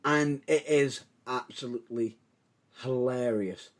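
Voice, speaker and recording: A man's voice: mid-range voice, takes it slowly. A man co-hosting a podcast, chatting enthusiastically and rambling with lots of restarts. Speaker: podcast co-host. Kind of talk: casual chat.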